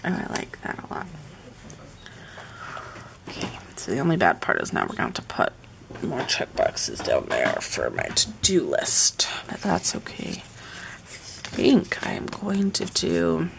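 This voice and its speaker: A woman's voice: low-pitched, huge pitch swings, unhurried, creaky, long pauses, background noise. A woman chatting casually on a live stream while decorating a planner at home, muttering asides to herself as she works.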